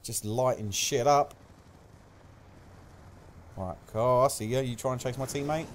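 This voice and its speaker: A young man commentating live gameplay, swearing often and yelling at kills and deaths, with a slight cough. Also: mid-range voice, unhurried, a little hiss or hum. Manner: excitable, swears a lot, shouts at game events. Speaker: gaming commentator.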